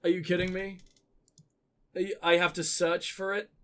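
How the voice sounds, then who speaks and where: A man hosting a gaming channel in casual let's-play commentary, crude and self-mocking, swinging between excited outbursts and low mock-sultry mumbling. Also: normal speed.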